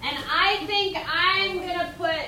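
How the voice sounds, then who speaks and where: A woman's voice: very high voice, measured pace, sharp tone, a little hiss or hum. A young woman leading a children's yoga class as a story, coaxing and sing-song, heard from a distance in an echoey room. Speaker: kids' yoga teacher. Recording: echoey room, recorded from afar.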